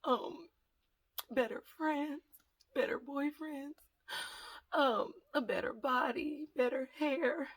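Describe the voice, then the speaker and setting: A woman's voice: high voice, slow, pauses often. A woman vlogger, talking openly and emotionally in a rambling, heartfelt way, tearful at times. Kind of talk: emotional casual vlog talk.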